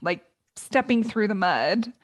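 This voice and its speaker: A woman's voice: mid-range voice, animated, slow pace, no echo, clean studio sound. A woman hosting a podcast conversation, affirming her guest often and laughing along with her. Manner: supportive listener, frequent affirmations, laughs along. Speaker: podcast host.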